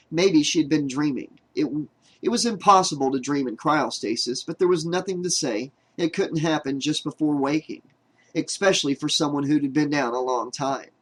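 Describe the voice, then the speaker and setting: A man narrates a horror novelization for an audiobook. His voice sits a little high, and his reading stays steady and measured. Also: slightly rough, low-quality recording.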